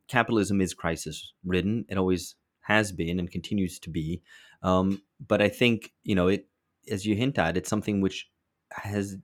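A man co-hosting a discussion podcast, blunt and thinking aloud with many restarts. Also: deep voice. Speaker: podcast co-host. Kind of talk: casual discussion.

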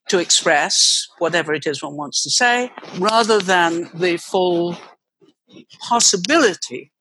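An older woman voice teacher, explaining expressively as a guest, swooping her pitch to demonstrate. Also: pushed and bright, rough recording. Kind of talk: explanatory interview talk.

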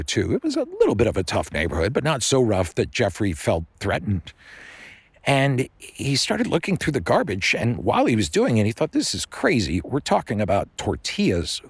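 Husky man improvising a bedtime story. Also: lowish voice, dry recording. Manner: rambling, casual, with fillers.

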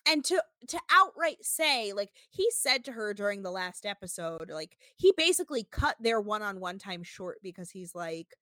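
Bright-voiced woman, animated podcast co-host. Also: medium pitch, normal speed, few pauses, no echo. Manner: animated, swearing, acts out quotes in exaggerated voices. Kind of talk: casual recap chat.

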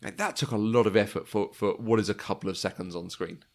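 A man with a slightly low voice chats casually about films. He is enthusiastic, laughs often and sometimes slips into quoted lines. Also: quick pace. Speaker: podcast co-host. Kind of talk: casual film discussion.

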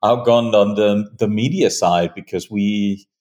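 Deep-voiced man, earnest and halting. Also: darkish tone. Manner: earnest, halting, many fillers and restarts. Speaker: hunting show creator, guest. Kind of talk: conversational interview.

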